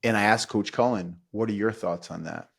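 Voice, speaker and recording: A man's voice: fairly low pitch, moderate pace, gravelly, slightly rough. A middle-aged man hosting a podcast, telling stories in a casual chat, acting out quotes and laughing often. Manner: animated storyteller, acts out quotes, laughs often. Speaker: podcast host.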